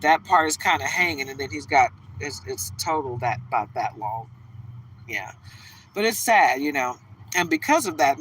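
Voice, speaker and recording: A woman's voice: low voice, animated, normal speed, fairly bright tone, slightly rough, far from the mic, poor audio. A woman giving a tarot reading in casual chat, laughing often and drifting into stories, from a car. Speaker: tarot reader.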